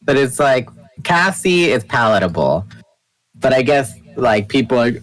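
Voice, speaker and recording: A man's voice: medium pitch, sing-song, normal speed, fairly bright tone, no room sound, low-quality recording. A man who is a guest on a casual book discussion podcast, playful and full of jokey asides.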